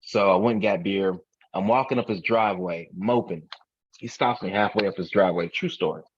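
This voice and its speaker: A man's voice: low voice, brisk, highs cut off, a little hiss or hum. A man co-hosting a podcast in casual chat, a laid-back, profane storyteller. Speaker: podcast co-host.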